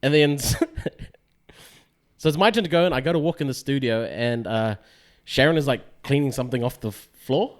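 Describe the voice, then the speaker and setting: A man's voice: medium pitch, moderate pace. A man telling a comedy story in casual chat, swearing and acting out the voices of others. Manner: swearing, laid-back, acts out quoted voices. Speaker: comedian guest.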